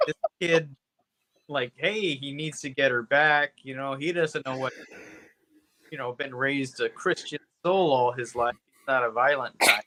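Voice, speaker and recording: Man, podcast co-host, casual movie review chat, bright tense tone, rambling, swears casually, fillers like "you know". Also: mid-range voice, unhurried, a little hiss or hum. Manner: rambling, laid-back, profane, heavy with "you know".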